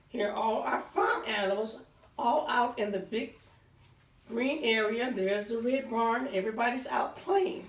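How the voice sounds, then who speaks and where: A woman reading a picture book aloud to children, pausing to point out pictures and count along. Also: a little high. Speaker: storytime reader. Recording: roomy sound, voice distant from the mic.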